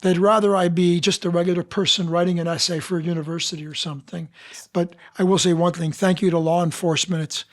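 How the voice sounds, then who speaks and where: A man with a fairly high voice talks as a podcast guest. He tells his stories with animation and acts out the people he quotes. He speaks as a seasoned actor and dialect coach. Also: flat delivery, quick pace. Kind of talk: casual interview storytelling.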